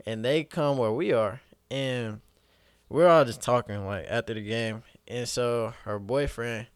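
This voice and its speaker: A young man telling a story in casual chat, animated, laughing and acting out the people he quotes. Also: mid-range voice, a little slow, clear, resonant tone, no echo, studio quality.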